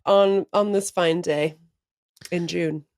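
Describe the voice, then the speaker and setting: A woman's voice: on the low side, fairly even intonation, takes it slowly, a little mellow. A woman co-hosting a podcast in casual chat, rambling through asides and laughing often. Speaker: podcast co-host.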